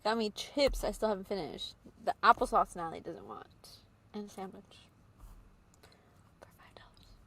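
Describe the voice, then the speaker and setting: A woman's voice: mid-range voice, lively intonation, moderate pace, pauses often, a bit bright. A woman co-hosting a podcast in casual chat, playful and giggly, often dropping into whispered asides. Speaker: podcast co-host.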